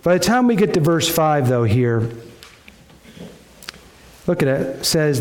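A middle-aged male pastor preaches in a high, bright voice. He tells the scripture story with emphatic turns, slowing down for weight and then rushing ahead. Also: very animated. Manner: storytelling with sudden swings in pitch and pace, emphatic. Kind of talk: sermon.

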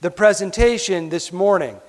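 Brief: deranged, intense man, insistent, fairly high voice , put on by a preacher, in an echoing hall. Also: moderate pace, natural voice. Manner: flat, insistent. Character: deranged intense male intruder. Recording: long hall reverb.

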